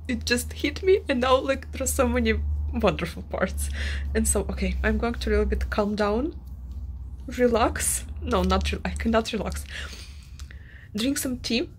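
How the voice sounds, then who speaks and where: A woman's voice: a little high, moderate pace, pauses often, slight background noise. A woman book vlogger talking emotionally about her reading, overwrought and repeating herself, sometimes dropping to a whisper. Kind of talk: emotional reading-vlog chat.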